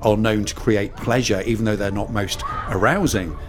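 A man explaining ideas clearly as an expert interviewee. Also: fairly low pitch, moderate pace.

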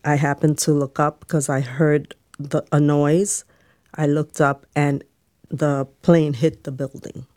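A police officer, a woman with a very deep voice, tells what she saw slowly and matter-of-factly. The recording is dry and close. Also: little pitch movement, mellow, no echo. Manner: plain and matter-of-fact. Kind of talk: recounting in a broadcast interview.

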